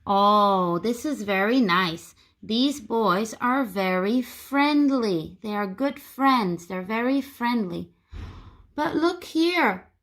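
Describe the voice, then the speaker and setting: A woman teaching a phonics lesson to young children, speaking slowly and clearly and repeating words. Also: mid-range voice, a bit bright.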